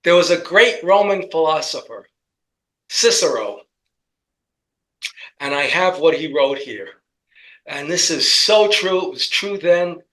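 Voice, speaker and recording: High-voiced New York man rambling. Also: animated, measured pace, pauses often, fairly bright tone, rough recording. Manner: rambling joking storyteller. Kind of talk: casual political commentary.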